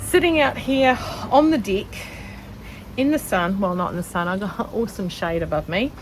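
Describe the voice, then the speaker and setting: A woman's voice: medium pitch, lively intonation, moderate pace, faint music behind, poor audio. Chatty woman sewing out on a deck. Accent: New Zealand. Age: middle-aged. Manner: rambling and self-mocking, with many ums. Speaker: sewing vlogger. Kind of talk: casual chatty vlog. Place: outdoor deck in the shade.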